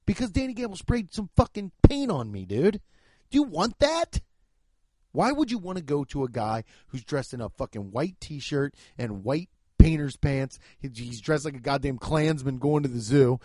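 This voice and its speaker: A man's voice: fairly high pitch, big pitch swings, normal speed, dark tone, dry recording. A man hosting a comedy podcast, reading sponsor ads in profane, over-the-top hype. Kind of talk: comedic ad reads.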